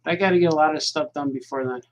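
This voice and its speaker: A man's voice: fairly high pitch, rapid-fire, dull audio, slight background noise. A man, a cartoonist, chatting casually to his viewers at home at night while he draws, rambling and repeating himself as his thoughts drift. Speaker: cartoonist hosting his own show.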